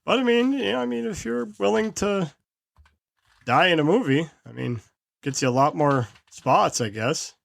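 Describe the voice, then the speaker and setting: A man with a slightly high voice chats casually on a podcast, rambling and restarting his sentences as he hunts for words. The recording is dry and close. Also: moderate pace, vocal fry, a bit bright, no echo. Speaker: podcast co-host. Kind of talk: casual chat.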